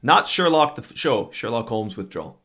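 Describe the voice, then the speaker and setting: A man's voice: mid-range voice, very animated, normal speed, a bit bright. A man hosting a casual podcast, chatty and upbeat, talking loosely with plenty of filler words. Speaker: podcast host.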